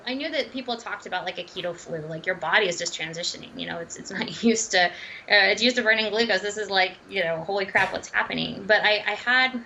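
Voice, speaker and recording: A woman dietitian telling her story in a casual interview, animated and acting out quoted dialogue. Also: medium pitch, quick pace, slight background noise, poor audio. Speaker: dietitian and runner.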